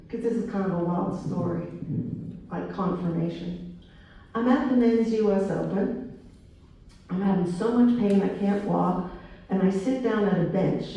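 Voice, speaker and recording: A woman in her sixties giving a talk to students, telling a story with lively acted-out dialogue. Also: medium pitch. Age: 60s. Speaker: motivational speaker. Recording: very echoey hall, speaker far from mic.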